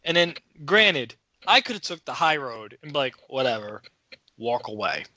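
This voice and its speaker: A man's voice: fairly high pitch, big pitch swings, moderate pace, bright, forceful tone, no room sound, highs cut off. A man co-hosting a podcast, telling a story in a casual, profane, worked-up way. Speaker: podcast co-host.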